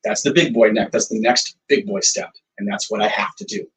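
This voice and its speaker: A man's voice: on the low side, brisk, distant mic, low-quality recording. A man, a songwriter and producer, casually telling stories in an interview, acting out quoted dialogue with lots of fillers. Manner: animated storyteller, acts out quoted dialogue, frequent fillers.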